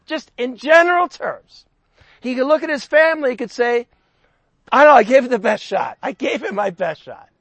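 A man's voice: extremely high pitch, moderate pace, fairly bright tone, no room sound. A man preaching a sermon, chatting in a conversational way and lifting his voice for emphasis when he reads scripture. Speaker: pastor.

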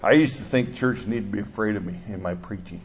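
An older male pastor preaching a sermon, animated, swinging between loud bursts and soft asides. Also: fairly low pitch, fast talker, breathy edge. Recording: dull lo-fi sound.

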